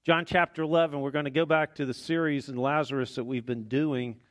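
A man's voice: fairly high pitch, fairly even intonation, fairly quick, no echo. A man preaching a sermon as pastor in a church, folksy and conversational with small jokes. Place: church sanctuary.

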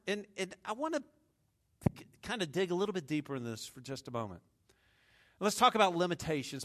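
A man's voice: sits high, pushed and bright. A man from the American South with a Southern accent, preaching a sermon in a humorous, conversational way with asides to the congregation. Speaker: pastor.

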